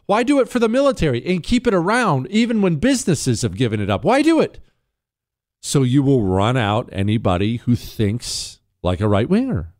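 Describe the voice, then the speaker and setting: Male talk radio host, combative and sarcastic, lively swooping delivery, dry close studio sound. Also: dry recording. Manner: combative, sarcastic, jumps between loud questions and low asides. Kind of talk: opinionated talk radio monologue.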